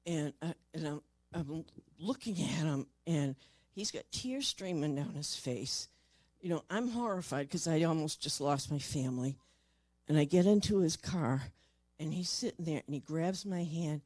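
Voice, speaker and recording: An older woman and paranormal investigator, telling a personal story in a halting way, repeating words and dropping soft at tender moments. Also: low voice, animated, no echo.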